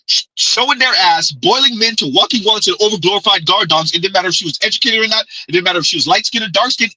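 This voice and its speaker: Male stream host, high-pitched, emphatic and repetitive, dry close sound. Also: expressive, quick pace, few pauses, pushed and bright, slightly rough, no echo, rough recording. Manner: emphatic, repetitive, refers to himself in third person. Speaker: livestream host. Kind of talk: commentary livestream.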